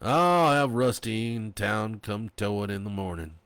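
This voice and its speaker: A man's voice: lowish voice, lively intonation, a little slow, fairly bright tone, smooth, no room sound. A man voicing a callous, dismissive small-town sheriff. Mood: gruff dismissive.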